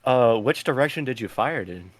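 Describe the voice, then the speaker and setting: A man's voice: mid-range voice, expressive, a little fast, crowd noise. Hesitant, chuckling man at a tabletop game. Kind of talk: casual chat.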